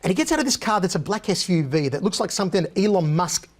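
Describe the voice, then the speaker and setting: A man, a guest on an interview show, telling lively anecdotes and mimicking the voices of the people in them. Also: sits high, fast.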